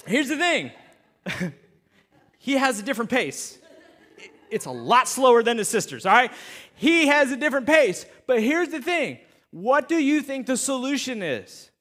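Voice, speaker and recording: A man with a notably high voice preaches in an animated, storytelling way. He speaks directly to his listeners as a pastor delivering a sermon. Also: measured pace. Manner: animated storytelling, talks straight to the audience.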